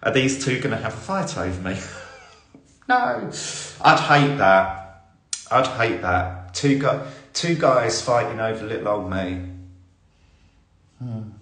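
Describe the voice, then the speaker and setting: A lonely, deluded old lady who rambles on, giggles coyly and mangles her proverbs, as a man plays her. Her voice sits in an ordinary middle pitch for a man. The echo of a roomy space hangs around every word. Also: sing-song, measured pace, pauses often, a bit bright. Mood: flirty. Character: lonely, deluded older woman smitten with post office staff. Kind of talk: improvised comic character monologue. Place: indoor room on a live stream.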